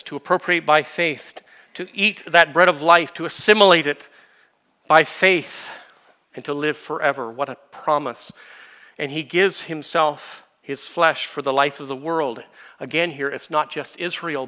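A man preaching a sermon, explaining scripture with everyday illustrations and rhetorical questions, swinging from quiet asides to fervent emphasis. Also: a little high, steady tone, normal speed. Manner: expository preaching, builds to impassioned emphasis then drops to quiet. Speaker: pastor.

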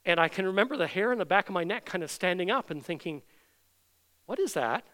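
A middle-aged man preaching a sermon from Canada, earnest, swinging between loud proclaiming and soft, intimate tones. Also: high voice, expressive, fast talker. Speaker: pastor.

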